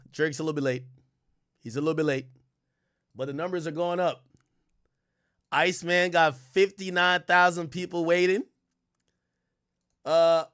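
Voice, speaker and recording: A man from Jamaica with an American accent, hosting a livestream and chatting quickly and directly to his viewers. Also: sits high, a bit bright. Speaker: livestream host. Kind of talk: casual stream commentary.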